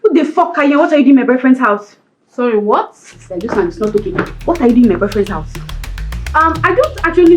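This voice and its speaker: An actress with a Nigerian accent playing a hot-tempered young woman who shouts accusations at her boyfriend and begs forgiveness. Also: high-pitched, sing-song, fast talker, faint music behind. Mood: furious. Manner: shouting, accusing, then pleading. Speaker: jealous girlfriend. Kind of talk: film drama acting.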